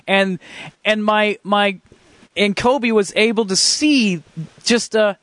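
High-pitched guy telling his faith story, earnest and halting, dry close sound. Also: steady tone, fairly bright tone, no echo. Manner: fervent and emotional. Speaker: speaker sharing a faith testimony. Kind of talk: personal faith testimony storytelling.

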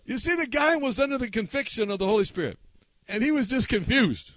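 A middle-aged male pastor preaching a storytelling sermon at a camp meeting, animated and acting out the voices in his stories. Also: very high-pitched, fairly quick, no echo. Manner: animated, acts out quoted voices.

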